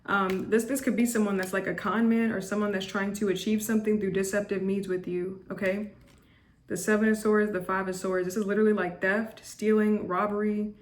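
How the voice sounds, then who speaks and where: With a medium-pitched, level voice moving a little fast, a woman does a laid-back tarot reading on camera. She repeats herself, restarts often, says "like" a lot, and comes across as chatty, blunt, and judgmental.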